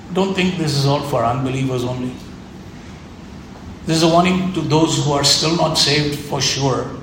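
A man's voice: a little high, a bit bright. A man preaching a sermon with earnest, emphatic repetition. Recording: echoey room with faint ambient noise.

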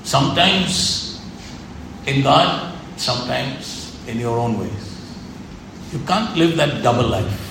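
A man's voice: medium pitch, expressive, takes it slowly, gravelly, long pauses. A man preaching a sermon with earnest, emphatic repetition. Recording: echoey room with faint ambient noise.

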